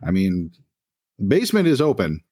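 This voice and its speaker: A man's voice: low-pitched, wildly swooping pitch, normal speed, mellow. A man narrating a tabletop game as game master, with loose, filler-heavy phrasing.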